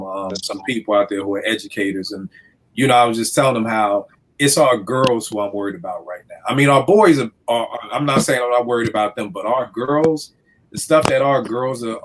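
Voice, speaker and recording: A man in casual podcast talk, telling stories in a lively way and acting out the people he quotes. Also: lowish voice, a little hiss or hum. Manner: animated storyteller, acts out quotes.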